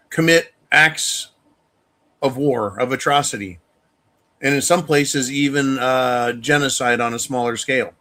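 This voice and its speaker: A man's voice: medium pitch, pushed and bright. A man hosting a show, delivering an angry, profane monologue rant. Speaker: show host. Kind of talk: opinion monologue.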